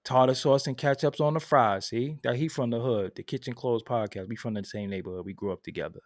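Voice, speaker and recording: A man hosting a casual live stream, answering chat in a loud, laughing, profane way that swings from mumbling to shouting. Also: mid-range voice, fairly quick, dry recording, clean studio sound. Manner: reads and answers viewer chat. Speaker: host.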